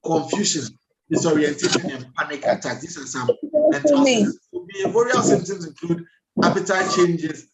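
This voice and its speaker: A man, a doctor giving a lively health lecture over a video call, laughing at himself and acting out everyday scenes. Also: on the high side, normal speed, roomy sound, over a noisy crowd, poor audio.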